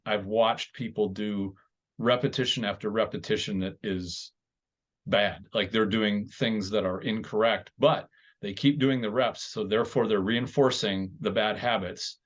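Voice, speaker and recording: A man hosting a conversational podcast, explaining his views in a measured, step-by-step way. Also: on the low side. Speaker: podcast host. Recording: dull lo-fi sound.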